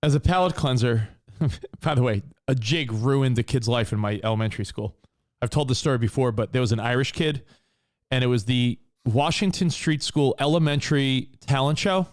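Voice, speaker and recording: A man co-hosting a podcast, telling stories in casual, animated banter. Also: mid-range voice, normal speed. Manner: animated storyteller. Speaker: co-host.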